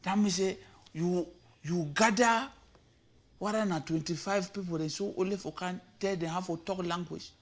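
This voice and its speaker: A man with a Cameroonian Pidgin accent giving comic commentary, animated and switching between languages, sometimes shouting. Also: high-pitched, normal speed. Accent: Cameroonian Pidgin English. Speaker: comedy commentator.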